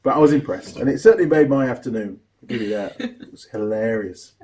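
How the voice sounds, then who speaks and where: A man, a mechanic and video host, chatting and telling animated stories while building a kit. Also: medium pitch, fairly quick. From New Zealand. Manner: chatty, animated storyteller with a laugh. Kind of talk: casual chat while building a model kit.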